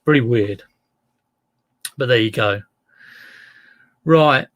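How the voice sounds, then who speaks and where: A man's voice: mid-range voice, takes it slowly, a bit bright. A man chatting casually in a vlog as an online reseller. He rambles, drifts off topic and makes fun of himself. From England. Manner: rambling, self-deprecating, wanders off topic.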